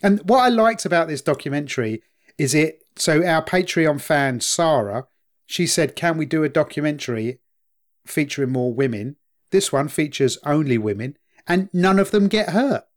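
A man's voice: on the high side, animated, moderate pace. A man co-hosting a podcast in casual chat, upbeat and cheerfully leading the discussion. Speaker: podcast co-host.

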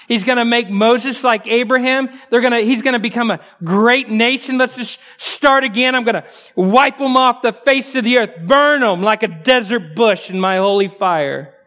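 A male pastor delivers a sermon in a high, light voice. He talks to the congregation conversationally, asking rhetorical questions, and moves from quiet asides up to forceful, emphatic lines. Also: normal speed.

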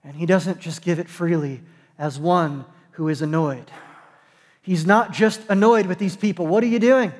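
A man, a pastor, preaching a sermon in a conversational, joking way, with dramatic slow pauses. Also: on the high side, big-room sound. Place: church sanctuary.

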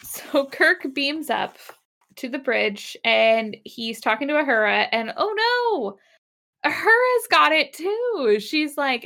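A woman's voice: sits high, lively intonation, slow, bright, forceful tone. A woman co-hosting a casual podcast chat, recapping a TV episode with sarcasm and frequent laughter. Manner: sarcastic, laughing, acts out characters' lines. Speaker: podcast co-host.

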